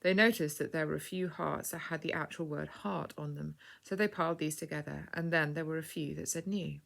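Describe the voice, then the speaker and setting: Low-pitched, bright woman storyteller. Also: fairly even intonation, brisk, gravelly. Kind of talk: scripted narration of a children's story.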